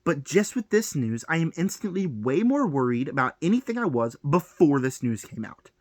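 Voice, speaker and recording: A man's voice: a little high, big pitch swings, normal speed, a little mellow, no room sound. A young man ranting on a film vlog, heated and exasperated, piling up rhetorical questions. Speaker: film vlogger.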